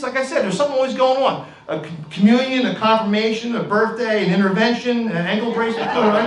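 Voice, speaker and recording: A man's voice: sits high, brisk, few pauses. A middle-aged man with a Philadelphia accent doing a rambling, brash stand-up comedy set on a club stage. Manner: brash, rambling, with frequent "all right" and "okay". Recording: echoey club room with crowd noise.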